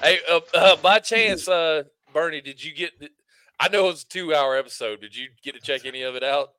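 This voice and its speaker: A man's voice: on the high side, fairly quick, sharp tone, smooth, no echo. A man co-hosting a podcast, chatting casually in a laid-back, rambling way. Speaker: podcast co-host. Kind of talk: casual chat.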